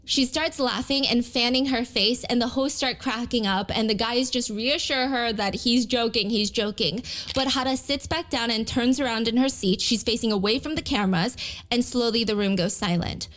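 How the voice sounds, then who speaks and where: A woman narrates a story in a clear, explanatory way, adding her own commentary as she goes. Her voice sits a little above the usual female pitch. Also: moderate pace, a bit bright. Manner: explanatory, acts out quotes. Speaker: video narrator.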